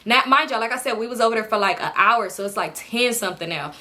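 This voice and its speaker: Fast-talking bright-voiced young woman storyteller. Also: fairly high pitch, expressive. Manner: slangy, chatty, addresses viewers as y'all. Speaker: storytime vlogger. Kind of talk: casual storytelling to camera.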